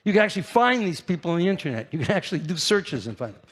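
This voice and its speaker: An older man with a New York accent giving a brash, animated conference keynote, teasing the audience. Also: high voice, rapid-fire. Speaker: keynote speaker.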